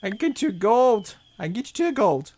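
Guy doing a sweet old hag shopkeeper, high sing-songy voice, pushy haggler. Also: big pitch swings, moderate pace, a little mellow. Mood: haggling.

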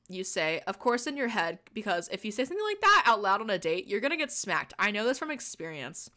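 Lively bright-voiced young woman reading aloud. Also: mid-range voice, fairly quick. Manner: playful, laughing, swearing, switching between reading and asides. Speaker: podcast host. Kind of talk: reading fanfiction aloud with commentary.

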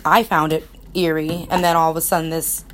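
A woman's voice: low voice, little pitch movement, brisk, slight background noise. A young woman from Connecticut telling a personal story in a casual, rambling way, candid and emotional, swearing freely. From Connecticut, USA. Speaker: vlogger.

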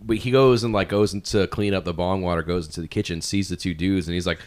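A man's voice: low voice, steady tone, fast talker, a little mellow. A man hosting a podcast, casually retelling a movie plot with lots of swearing and laughter. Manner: rambling, swears freely, laughs at his own retelling. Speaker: podcast host.

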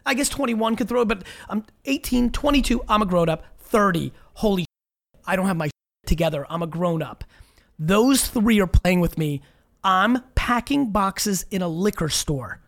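A woman hosts a casual live interview with an eager, emphatic drive. Her voice carries a rough, gravelly texture at a middle pitch. She repeats her points to hammer them home. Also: animated, moderate pace. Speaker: host.

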